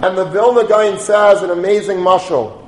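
High-voiced man giving a Torah lecture. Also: moderate pace, roomy sound, slight background noise, rough recording. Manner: storytelling, rises to chanting Hebrew liturgy. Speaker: rabbi.

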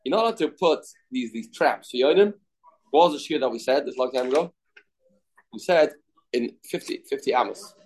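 A man's voice: expressive, brisk, a little mellow, breathy edge, poor audio. A man teaching a Talmud class, mixing English explanation with quoted Aramaic and Hebrew text and acting out the quoted voices. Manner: acts out quoted voices with sudden pitch jumps.

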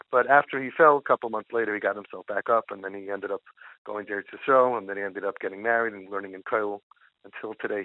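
A middle-aged man, a parenting guide, telling a case story in an animated way and repeating words for emphasis. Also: lowish voice. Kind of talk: storytelling talk. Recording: tinny phone-line sound.

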